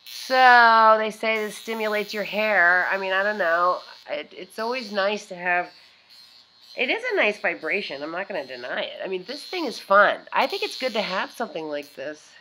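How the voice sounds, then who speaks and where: A woman's voice: medium pitch, animated, normal speed, bright, forceful tone, a little hiss or hum, low-quality recording. Rambling, chatty woman vlogger. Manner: rambling, chatty, trails off and restarts often. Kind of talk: casual chat reviewing beauty gadgets.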